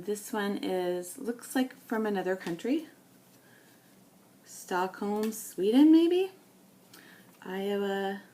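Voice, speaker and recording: A woman's voice: mid-range voice, darkish tone. Woman thinking aloud while sorting photos. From New England. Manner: thinking aloud, unhurried, with many ums. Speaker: scrapbooking video maker.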